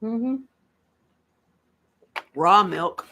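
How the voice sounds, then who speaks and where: A woman's voice: medium pitch, takes it slowly, pauses often, pushed and bright, slight background noise. A woman, hosting a casual, rambling chat and laughing often. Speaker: host.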